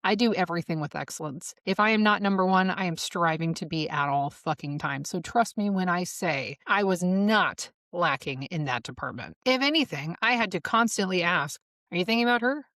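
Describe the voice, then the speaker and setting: A woman in her forties talks candidly on her own podcast, blunt and unafraid to swear. She laughs often as she talks. Her voice sits a little low, and the close mic gives a dry sound with no room around it. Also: expressive, moderate pace, hardly any pauses, a bit bright, dry recording. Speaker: podcast host. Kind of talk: candid solo podcast monologue.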